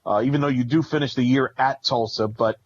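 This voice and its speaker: A man's voice: mid-range voice, steady tone, fairly quick, husky. Man co-hosting a dull-sounding sports podcast. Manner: rambling analytical, lists stats. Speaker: podcast co-host. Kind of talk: casual sports talk.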